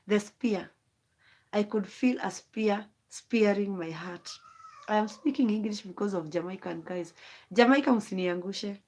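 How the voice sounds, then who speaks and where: A woman talks into her phone on a late-night livestream. She speaks at a middle pitch, and her thoughts wander and turn emotional as she rambles on to her viewers. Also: measured pace, dark tone, slight background noise. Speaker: vlogger. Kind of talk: late-night live stream monologue.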